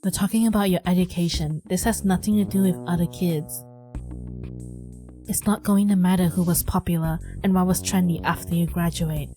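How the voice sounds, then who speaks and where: A woman's voice: fairly low pitch, steady tone, moderate pace, dark tone, soft background music, lightly acted. A woman voicing a strict middle-aged mother in a story game, reading her lines in a lecturing, nagging way. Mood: stern.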